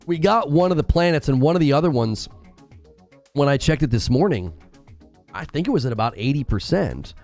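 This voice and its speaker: A gaming streamer jokes and teases his viewers in loose, casual live-stream talk. His voice sits a little high and swings widely in pitch. Soft music plays quietly underneath. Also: expressive, brisk. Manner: playful, teasing banter with chat.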